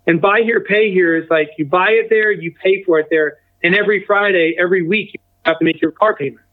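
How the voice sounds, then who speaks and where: A man's voice: high-pitched, fairly quick. A man in his forties telling a personal story as a guest, acting out the other people's lines as he goes. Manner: acts out quoted dialogue with a lively shift in tone. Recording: tinny phone-like remote line.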